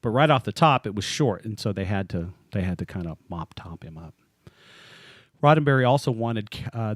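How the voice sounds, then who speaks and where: A man's voice: fairly low pitch, no echo, studio quality. A man co-hosting a podcast in casual, chatty talk, joking and laughing often as he goes. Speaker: podcast co-host.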